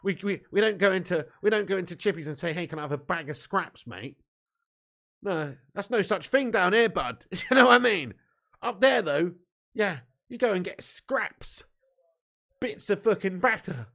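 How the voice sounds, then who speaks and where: A man's voice: high voice, expressive, moderate pace, fairly bright tone. A young man hosting a live football watch-along, bantering with chat, laughing often, swearing and calling everyone mate. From southern England. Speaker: fan channel host.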